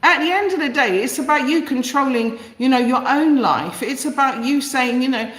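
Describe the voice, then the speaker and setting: A woman's voice: high-pitched, expressive, moderate pace, a bit bright, echoey room. A woman with a London accent hosting a live stream, speaking passionately and emphatically, repeating phrases for effect and greeting viewers in the chat. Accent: London English. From East London, England. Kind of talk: live stream monologue reading viewer comments.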